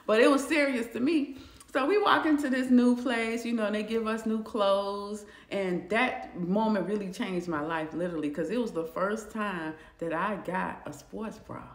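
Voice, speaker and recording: A young woman casually telling a personal story to camera, animated and jumping high when she acts out her own shock. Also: moderate pace. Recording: echoey room.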